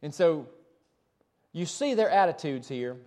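Speaking a little slowly, this pastor has a fairly high, animated voice with a slightly mellow quality. His sermon mixes scripture reading with an emphatic, conversational delivery, full of rhetorical questions to the congregation and on-the-fly self-corrections.

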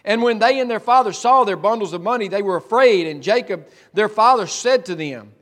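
High-voiced preacher, folksy. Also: male voice, animated, brisk, fairly bright tone. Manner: folksy, conversational storytelling with frequent restarts. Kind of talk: sermon, retelling scripture.

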